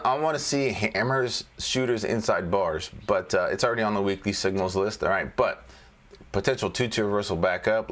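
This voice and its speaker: A man with a somewhat low voice talks his way through stock charts in a loose, joking manner. He repeats phrases as he thinks aloud and keeps it casual, like a relaxed trading lesson. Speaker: trading educator.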